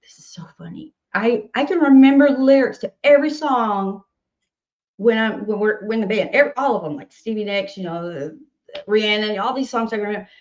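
A woman's voice: mid-range voice, a little fast, darkish tone, dull audio. A singer-songwriter woman from Nashville with a Southern accent, chatting casually in an interview, laughing often and restarting her sentences. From Nashville, Tennessee.

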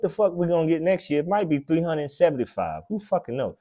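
A man hosting a podcast, delivering a blunt, profane, preachy comedic rant that swings between loud outbursts and low mutters. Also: very animated, fast, few pauses. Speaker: podcast host.

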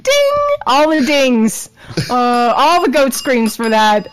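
Chatty woman cohost, swears a lot, laughs easy, a bit high voice. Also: wildly swooping pitch, takes it slowly. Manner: bubbly, swearing, laughing often. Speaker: co-host. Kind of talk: casual chat.

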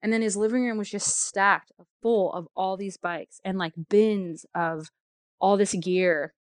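A woman's voice: medium pitch, steady tone, measured pace, dry recording, clean studio sound. A woman telling a travel story in a casual, chatty way, full of fillers and laughter.

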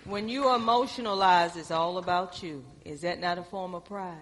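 A woman's voice: on the low side, normal speed, long reverb tail, a little hiss or hum. A woman leading a Bible study, putting rhetorical questions to the group. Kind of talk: preaching to a group.

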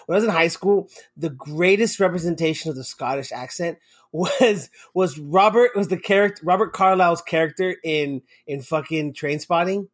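Man, podcast host, casual chat, profane, rambling, slightly higher pitch. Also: normal speed. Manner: rambling, profane, goes off on tangents.

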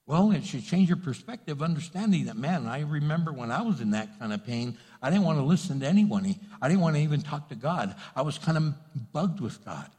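Casting: male pastor, slightly higher pitch, husky tone, earnest repetitive preaching, long church reverb. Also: lively intonation, a little fast, hardly any pauses, darkish tone. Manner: earnest, repetitive preaching, speaks directly to the congregation. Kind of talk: sermon.

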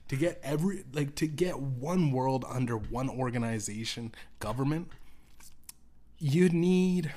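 A man's voice: medium pitch, darkish tone. A man hosting his own podcast, talking in a loose, rambling monologue full of restarts and swearing. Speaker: podcast host.

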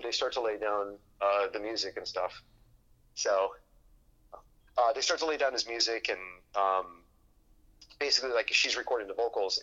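A man tells a story in relaxed conversation, and his voice sits a little low but sounds bright and forward. He loops through fillers and false starts and slips into the voices of the people he quotes. The recording is dull and lo-fi. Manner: rambling, full of fillers and restarts, acts out quoted dialogue. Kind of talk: casual chat.

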